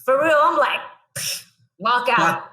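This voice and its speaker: A young woman talks as a podcast guest, her voice sitting a little high. She tells her story bluntly and with energy. She drops straight into the lines she spoke back then. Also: slow. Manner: animated, blunt storyteller acting out her own past lines. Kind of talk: casual storytelling.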